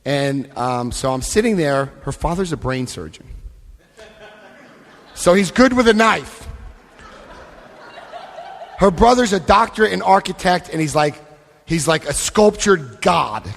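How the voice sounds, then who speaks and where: A middle-aged American man speaking at a recovery convention, telling joking, lively stories and acting out voices. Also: a little high, unhurried, vocal fry, pauses often, slight background noise. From United States. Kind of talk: animated storytelling talk. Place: large convention hall. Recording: long hall reverb.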